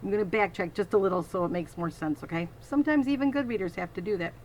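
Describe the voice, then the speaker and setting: A woman's voice: medium pitch, quick pace, a little mellow, a little hiss or hum, poor audio. A woman reading a children's novel aloud, adding teacherly asides to her listeners. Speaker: reader.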